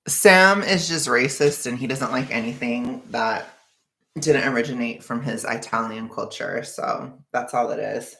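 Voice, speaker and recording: A young adult vlogger rambles through casual chat, cracking jokes and laughing often. The voice sits at a middling pitch with a gravelly, creaky texture. The recording has a noticeable room echo. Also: bright, forceful tone. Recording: echoey room.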